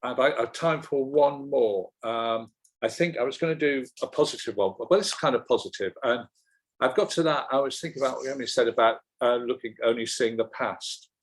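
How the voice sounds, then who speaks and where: A man who grew up in Liverpool, a poet talking haltingly about his work and then reading a poem in a steady, measured way over a video call. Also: medium pitch. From Liverpool, England. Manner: halting, self-correcting chat, then steady measured recital. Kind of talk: poetry reading and discussion.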